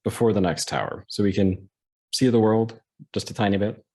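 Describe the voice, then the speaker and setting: A man's voice: fairly low pitch, moderate pace, a little mellow. A man playing a tabletop game, asking questions in a hesitant, polite way with many fillers. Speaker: player. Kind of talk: casual game chat.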